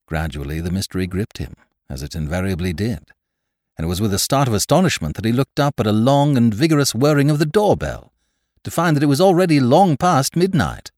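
A man narrating a classic novel as an audiobook, telling the story with expressive rises and falls. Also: mid-range voice, fairly quick, dry recording, clean studio sound. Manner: expressive storytelling, rising with excitement.

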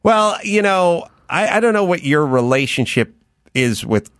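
A man's voice: on the high side, very animated, measured pace, a bit bright, dry recording. A middle-aged man hosting a podcast, quoting his own thoughts in a self-deprecating way. His voice rises and falls a lot, and the close mic sounds dry. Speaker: podcast host. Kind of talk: casual storytelling chat.

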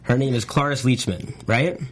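A man's voice: mid-range voice, normal speed. A man co-hosting a casual interview, chatty and encouraging, often restarting his sentences. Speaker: podcast co-host interviewing a child actor.

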